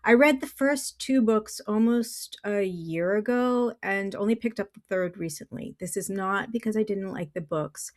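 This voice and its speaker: Middle-aged woman, book reviewer, gravelly edge in a mid-pitched voice, earnest and measured. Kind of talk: scripted book review vlog.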